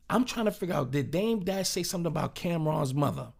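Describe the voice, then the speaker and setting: A man with a fairly high voice reacts to celebrity feud news in loose street slang. He talks in a casual commentary style, stumbling over and repeating words as he goes. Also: animated, fast talker, vocal fry, hardly any pauses, slightly rough.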